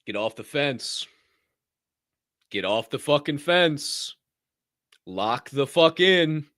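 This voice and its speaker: A man's voice: a little high, lively intonation, takes it slowly, fairly bright tone, no room sound, clean studio sound. A man hosting a motivational podcast, talking intensely and preachily and swearing freely. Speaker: podcast host.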